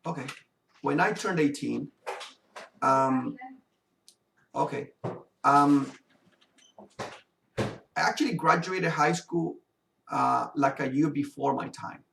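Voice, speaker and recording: A man's voice: a little high, slow pace, gravelly, pauses often, fairly bright tone, slight background noise. A man casually telling a personal story while playing a game, rambling with lots of fillers. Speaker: gamer and video host. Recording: roomy sound from a distant mic.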